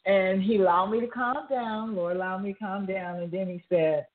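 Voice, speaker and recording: Woman in her fifties, low voice, tinny phone line, earnest and preachy, laughs a lot. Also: brisk. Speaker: talk show host. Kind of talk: casual testimony on a radio talk show.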